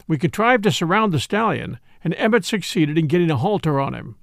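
Male host-narrator for a classic western audiobook: gravelly, dry close sound, expressive delivery. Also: a little high, fairly quick, hardly any pauses, no echo. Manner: lively, expressive storytelling. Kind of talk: reading a classic western novel aloud.

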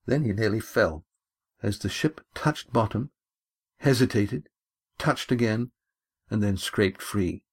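A man reading his own adventure novel aloud in a measured, steady storytelling manner. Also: on the low side, breathy edge. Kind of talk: audiobook narration.

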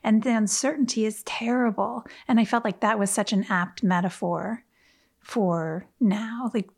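A woman's voice: mid-range voice, unhurried, vocal fry. Laughing, enthusiastic woman discussing a book. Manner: enthusiastic, laughs often, reads passages aloud. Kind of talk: casual book chat.

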